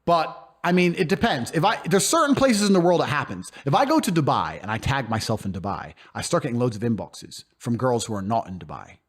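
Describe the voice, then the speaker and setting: A man's voice: medium pitch, big pitch swings, fairly quick, few pauses, breathy edge. A man speaking bluntly and emphatically as a guest in a casual interview, swearing freely and often acting out other people's voices. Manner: acts out quoted speech in put-on voices. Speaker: podcast guest.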